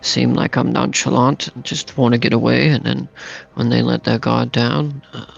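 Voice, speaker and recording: A man's voice: mid-range voice, flat delivery, moderate pace, creaky, lo-fi sound. A man playing a bard in a tabletop role-playing game, joking and boastful. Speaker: player. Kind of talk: casual tabletop role-play.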